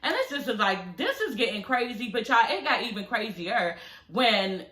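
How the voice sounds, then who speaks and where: Young woman recap vlogger, sassy and blunt, fairly high, bright voice. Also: big pitch swings, moderate pace. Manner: sassy and blunt, swears freely, laughs often, many "you know what I'm saying" tags. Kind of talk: casual recap rant. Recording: echoey room.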